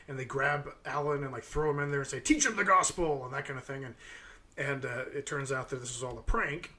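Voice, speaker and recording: Man, 30s, podcast co-host, casual chat, rambling with fillers, bright tone. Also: medium pitch. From United States. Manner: rambling storytelling with many fillers.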